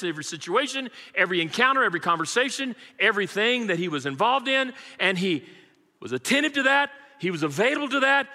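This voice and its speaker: A man's voice: high voice, sharp tone, in a large hall. A man preaching a sermon as pastor, emphatic and rhythmic, calling out to his congregation in a church sanctuary.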